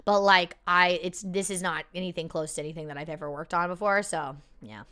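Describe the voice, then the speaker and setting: A woman answers viewer questions in loose, easygoing chat. Her voice is bright and smooth. She rambles, restarts sentences, leans on fillers and laughs often. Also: lowish voice, a little fast. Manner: laughs easily. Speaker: performer hosting a live Q&A.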